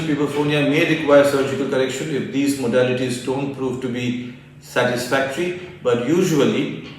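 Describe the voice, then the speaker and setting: A man who is a doctor, calmly explaining a medical topic as a teaching lecture. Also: medium pitch, slight background noise. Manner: calm, explanatory. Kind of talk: educational lecture. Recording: echoey room, voice from far off mic.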